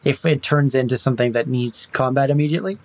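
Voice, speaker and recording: A man's voice: mid-range voice, quick pace. A man playing a tabletop role-playing game, chatting casually and laughing often. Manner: playful, laughs often, restarts. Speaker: player.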